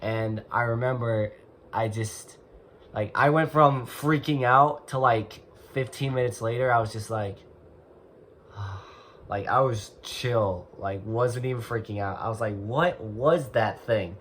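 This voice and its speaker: A man's voice: mid-range voice, measured pace, fairly bright tone, a little hiss or hum. A young man telling a personal story in a casual, rambling way, full of "like" and "and so". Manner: rambling, heavy use of "like" and "and so". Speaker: vlogger.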